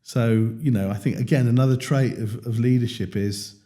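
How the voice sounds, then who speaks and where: A British man hosts a leadership conversation and tells animated stories. He slips into acted-out quotes as he goes. His voice is mellow and dark in tone. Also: medium pitch, normal speed. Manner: animated storyteller, acts out quotes. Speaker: podcast host. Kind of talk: casual conversation.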